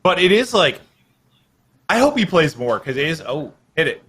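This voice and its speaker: A man's voice: on the high side, very animated, moderate pace, fairly bright tone, slightly rough. A man co-casting a live esports event, joking and teasing his partner between calls. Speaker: esports co-caster.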